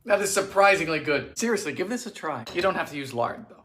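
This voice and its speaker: A man narrating a comic cooking vlog about vintage recipes, making dry deadpan jokes and breaking into sudden shouts. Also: a little high, fast, slight background noise. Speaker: home baker trying vintage recipes. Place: home kitchen.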